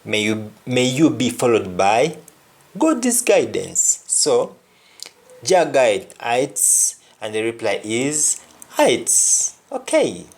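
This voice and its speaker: A woman's voice: extremely low pitch, very animated, very slow, a little mellow, slightly rough. A woman teaching a patois lesson, repeating each phrase and its reply. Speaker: language teacher.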